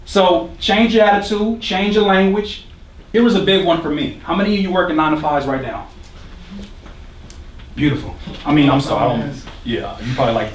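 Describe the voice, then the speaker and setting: Energetic man preaching to a live room. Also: high voice, fairly quick, a little hiss or hum. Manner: energetic, preachy, questions the crowd, jokes and laughs. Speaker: motivational speaker at a producer workshop. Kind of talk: live motivational talk to an audience. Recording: roomy hall, speaker far from the mic.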